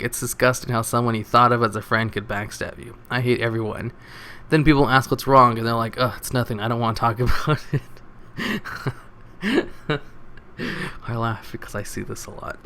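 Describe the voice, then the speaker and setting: A man's voice: medium pitch, a bit bright. A man reading forum comments aloud in a casual, sarcastic way, chuckling now and then. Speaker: reader of online posts.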